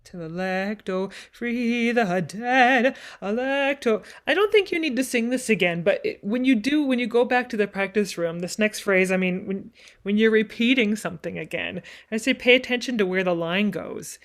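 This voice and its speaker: A woman's voice: mid-range voice, animated, a little fast. A woman voice teacher coaching a singer in a masterclass, encouraging and demonstrative, now and then speaking the text with dramatic phrasing.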